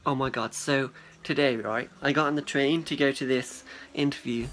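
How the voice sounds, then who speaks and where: A young male vlogger rambles to a friend in a casual, chatty, profane way, readily acting out quotes. His voice is medium in pitch, steady and fairly bright.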